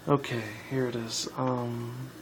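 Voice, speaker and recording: A man's voice: medium pitch, level tone, takes it slowly, noisy background. Tired young man reading aloud, stumbling. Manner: stumbling, self-correcting, with asides. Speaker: fan fiction reader. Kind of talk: casual story reading.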